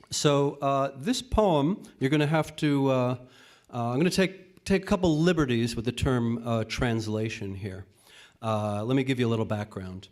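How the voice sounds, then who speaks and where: Northeastern US male poet at an open mic, halting intro, medium pitch. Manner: halting, many filler pauses. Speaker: poetry reader at an open mic. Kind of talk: casual spoken intro and poetry reading. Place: event space at a college.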